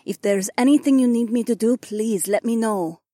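A man voicing a gentle young princess who speaks softly and reassuringly. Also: very high-pitched, moderate pace, no room sound, clean studio sound, pitched above the performer's own voice. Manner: soft, reassuring.

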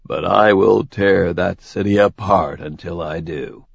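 A ruthless dark god with a cold, clipped, stern delivery, as a male narrator voices him. He speaks low and unhurried, the audio dry and slightly dull. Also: fairly even intonation, creaky, slightly rough, no echo, heavily acted.

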